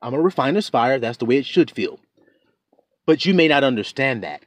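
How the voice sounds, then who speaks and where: A man preaching a sermon, reading scripture aloud and explaining it, emphatic and building to shouts. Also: medium pitch, lively intonation, brisk, no room sound. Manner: emphatic, rising to shouts, calls and responses to himself.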